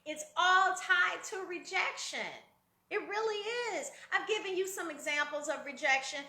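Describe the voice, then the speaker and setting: A high-pitched woman coaching her listeners through a motivational talk. Her voice is bright and lively, and she often jumps into quoted voices. The room around her is echoey. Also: normal speed, slight background noise. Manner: conversational, addresses listeners as guys. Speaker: life coach.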